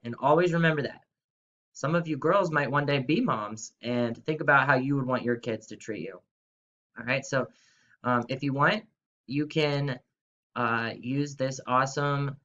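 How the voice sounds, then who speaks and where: An upbeat young man teaches schoolchildren in a video lesson and speaks directly to them in a friendly, chatty way. His voice sits at a middle pitch. The audio is a little dull and lo-fi. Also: fairly bright tone. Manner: upbeat, chatty, talks straight to kids. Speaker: third-grade teacher.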